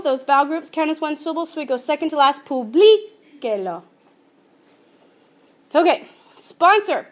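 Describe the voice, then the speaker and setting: A woman teaching a Spanish grammar lesson in a chatty, patient way. She draws out her example words slowly. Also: sits high. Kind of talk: recorded classroom grammar lesson.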